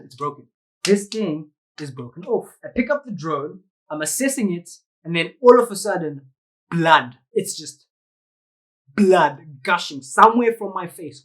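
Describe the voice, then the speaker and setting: On a low-quality recording, a vlogger with a South African accent and a voice that sits high tells a lively story straight to the camera. Slang runs throughout, punctuated by sound effects and quoted voices.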